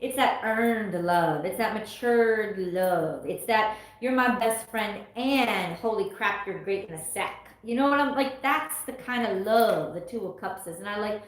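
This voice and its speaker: A woman's voice: medium pitch, animated, normal speed, hardly any pauses. A woman from the US East Coast giving a casual live tarot reading, chatty, laughing often and exclaiming as the cards come up. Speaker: tarot reader on a livestream. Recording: very echoey room.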